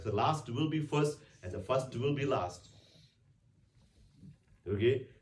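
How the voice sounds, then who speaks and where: Speaking in a mid-range voice that is a little mellow, a priest gives a conversational weekday sermon at church. He frequently starts over and throws out rhetorical questions. A distant microphone gives it a roomy church sound.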